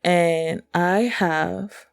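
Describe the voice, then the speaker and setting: A woman's voice: lowish voice, steady tone, very slow, creaky, dry recording, clean studio sound, faint music behind. A woman hosting a reaction video, telling a personal story in an earnest, emotional, rambling way with many fillers. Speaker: reaction channel host.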